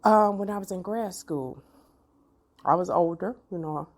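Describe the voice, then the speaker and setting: A middle-aged woman, telling a personal story to her viewers in an animated, expressive way. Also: lowish voice, a little slow. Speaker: vlogger.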